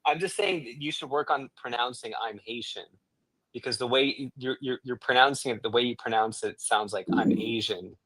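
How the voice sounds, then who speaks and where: A man's voice: medium pitch, brisk, few pauses, a bit bright, rough recording. A man in a casual online chat who speaks directly, correcting another speaker but reassuring him. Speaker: participant in online discussion.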